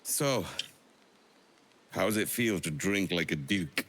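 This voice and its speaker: An actor playing a boastful young privateer husband with a swaggering manner in a video game cutscene. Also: male voice, low voice, animated, takes it slowly, noisy background.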